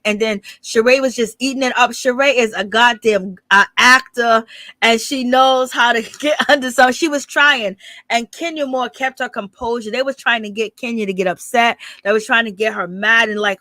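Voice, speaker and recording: A woman's voice: a little high, steady tone, a little fast, pushed and bright, no room sound. A woman hosting her channel, giving rambling, blunt and profane live gossip commentary. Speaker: channel host.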